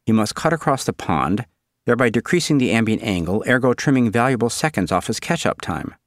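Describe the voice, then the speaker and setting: A man narrating an audiobook in a dry, deadpan, wry manner. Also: medium pitch, fairly quick, no room sound.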